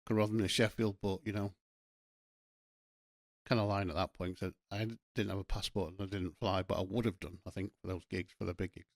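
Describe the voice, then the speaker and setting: A man's voice: low-pitched, steady tone, fast, vocal fry, hardly any pauses, no echo, studio quality. A middle-aged man with a Yorkshire accent, hosting a solo podcast with a blunt, sweary, passionate rant. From Yorkshire, England. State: sweating, hot. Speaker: podcast host.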